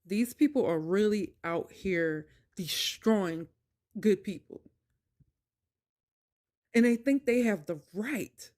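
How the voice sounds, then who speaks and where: Slow, emphatic woman telling her story. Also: medium pitch, expressive, a little mellow. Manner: emphatic, preachy, addresses viewers directly. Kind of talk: personal storytelling to camera.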